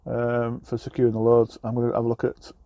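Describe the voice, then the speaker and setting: Male trucker vlogger from England, mid-pitched mellow voice, casual and rambling, light road noise. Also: monotone, fairly quick, dry recording. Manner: rambling, self-deprecating, many fillers and restarts. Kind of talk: casual vlog chat.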